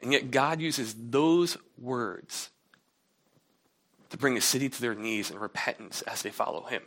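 Unhurried and fairly bright in tone, this pastor delivers his sermon conversationally. When he quotes someone, he acts the line out, raising his voice and pitch.

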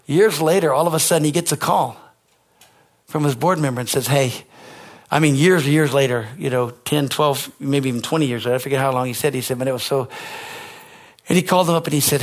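A man preaching a sermon as pastor, animated and conversational, rising to shouts on his high points. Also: a little fast.

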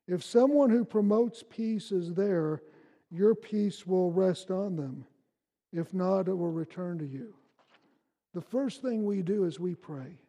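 A man with a high, gravelly and mellow voice preaches to his congregation. He tells lively everyday stories and drives his points home in emphatic bursts. His voice rings through the long reverb of a church hall. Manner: animated storytelling preacher, punchy emphatic bursts. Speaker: pastor. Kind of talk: sermon.

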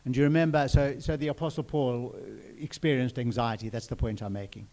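A man preaching in an earnest, personal way. His voice is warm and mellow, at a middle pitch for a man. He often repeats his phrases and turns to the listeners with questions. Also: fairly even intonation, fairly quick. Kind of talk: sermon.

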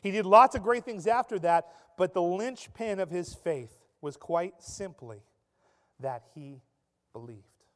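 A man preaching a sermon as pastor, dramatic, swinging from loud emphasis to a soft hush. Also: high-pitched, expressive, measured pace. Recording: long reverb of a large hall.

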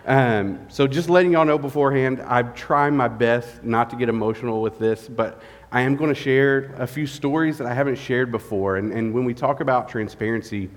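Man, guest pastor, sermon, tired, halting with fillers, echoing church hall. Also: mid-range voice. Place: church sanctuary. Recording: long reverb of a church hall.

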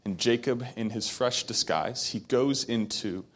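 A man's voice: mid-range voice, a little slow. A man preaching a sermon, retelling a story with acted quotes and building to emphatic peaks. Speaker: pastor.

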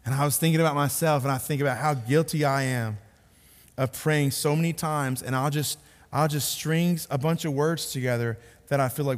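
A man preaching a sermon as a pastor, earnest and repeating words for emphasis, sometimes dropping low and quiet to stress a point. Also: normal speed. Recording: long reverb of a large hall.

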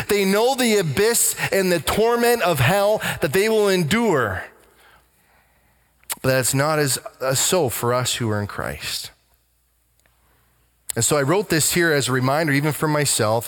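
A man's voice: lively intonation, a bit bright. Emphatic preacher man in a reverberant hall. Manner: emphatic, slows down and drops low to stress lines. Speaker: pastor. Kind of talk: sermon.

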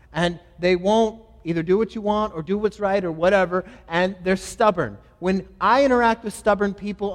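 A man's voice: high-pitched, long reverb tail. A male pastor preaching a sermon, asking questions and answering them himself in an emphatic delivery.

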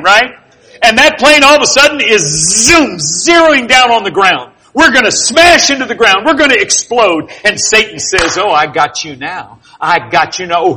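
Man preaching, high voice, husky, animated storyteller. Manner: animated, jokey storytelling with sound effects. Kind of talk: sermon with storytelling.

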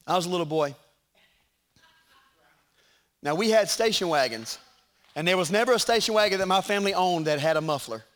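A middle-aged man preaching a sermon in a church, animated, with shouted peaks and joking asides. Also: high voice, fairly quick, pauses often. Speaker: pastor. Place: church sanctuary.

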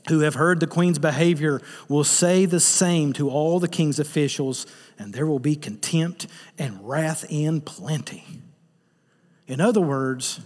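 Joking, animated male preacher in a reverberant hall. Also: fairly high pitch. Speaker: pastor. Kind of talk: sermon.

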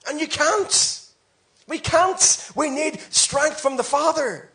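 A man with a strikingly high voice preaches a sermon to his congregation. He drives his points home with emphatic repetition and pleading exhortation. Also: takes it slowly, gravelly, bright, forceful tone. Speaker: pastor.

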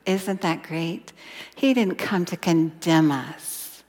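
A woman teaching a Bible lesson in an expressive sermon style, sometimes dropping to a whisper for emphasis. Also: fairly low pitch, slow pace. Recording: long hall reverb.

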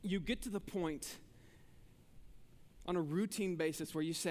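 A man preaching a sermon as pastor, talking conversationally and swinging between emphatic bursts and hushed asides. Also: a little high, unhurried, in a large hall.

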